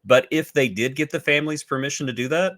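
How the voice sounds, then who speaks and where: A man hosting a casual film review chat, easygoing and filling pauses with "uh" and "you know". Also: on the high side, fairly bright tone. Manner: easygoing, drawn-out with fillers. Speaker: podcast host.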